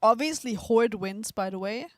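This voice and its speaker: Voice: medium pitch, normal speed, a bit bright, dry recording, clean studio sound. A stream co-host talking straight to the chat, teasing and upbeat. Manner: teasing, talks to chat directly. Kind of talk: casual live-stream chat.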